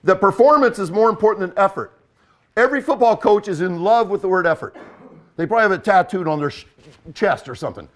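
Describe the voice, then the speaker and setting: Older male coach, higher-pitched, blunt and emphatic delivery. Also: animated, fast talker. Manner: blunt, emphatic, repeats for effect. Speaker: football coach. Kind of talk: coaching talk.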